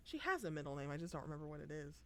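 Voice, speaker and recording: A woman's voice: low voice, sing-song, very fast, dry recording. A young woman streaming a game live, chatting casually with joking, profane remarks while reading the story aloud.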